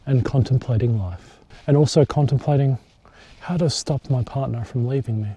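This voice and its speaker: A man's voice: mid-range voice, moderate pace, dark tone, slightly rough. Joking man vlogging from the bush. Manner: chatty, joking, swears casually. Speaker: hiking vlogger. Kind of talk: casual solo vlog to camera. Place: outdoors in bush at a campsite.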